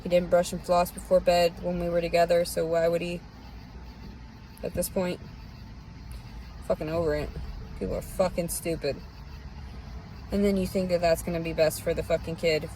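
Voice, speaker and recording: A woman's voice: lowish voice, level tone, moderate pace, pauses often, mellow, a little hiss or hum, rough recording. A woman with a Southern US accent ranting bitterly and profanely in a rambling, unscripted monologue. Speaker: vlogger. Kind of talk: unscripted personal rant.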